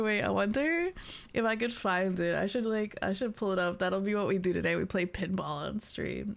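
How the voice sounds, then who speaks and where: A woman's voice: medium pitch, measured pace, gravelly. A young adult woman streamer chatting casually with viewers, laughing often and teasing.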